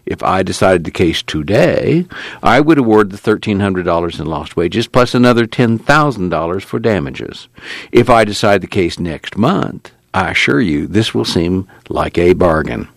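A man reading the part of a blunt, impatient trial judge who speaks sternly and forcefully. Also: low-pitched, animated, normal speed, vocal fry, no room sound, studio quality. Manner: stern and forceful, pressing hard.

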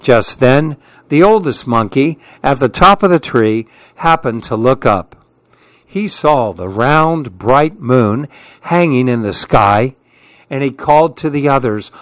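A man reading children's stories aloud in a slow, gentle, expressive way. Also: medium pitch, no echo. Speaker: storyteller. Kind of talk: children's story read-aloud.

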